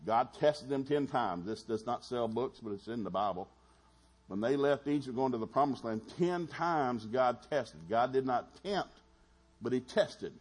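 Husky-voiced folksy preacher man. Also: medium pitch. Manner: folksy, animated storytelling with quick asides. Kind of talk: sermon.

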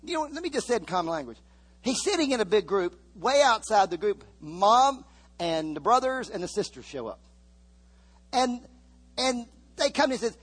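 A man's voice: high voice, sing-song, normal speed, a bit bright, husky. A male preacher delivering a sermon, repeating phrases and pushing the congregation for amens.

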